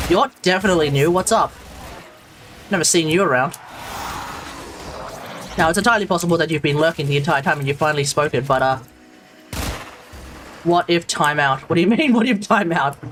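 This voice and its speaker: A man's voice: a little high, normal speed, pauses often, background noise. An Australian man streaming a game, chatting casually with viewers, rambling and restarting his sentences. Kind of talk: casual live-stream chat.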